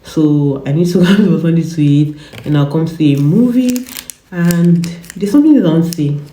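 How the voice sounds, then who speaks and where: With lively intonation and a low, warm voice, this vlogger in her twenties talks at normal speed in a reverberant room, filmed on a phone camera. She's coughing, chatty and rambling, repeats words and laughs a lot.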